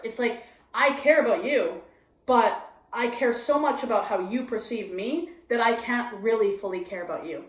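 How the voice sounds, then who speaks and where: A woman's voice: a little high, normal speed. A woman stand-up comedian talking candidly in an interview, acting out her own inner voice as she goes. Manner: confessional, animated, acts out her own inner voice. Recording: echoey room.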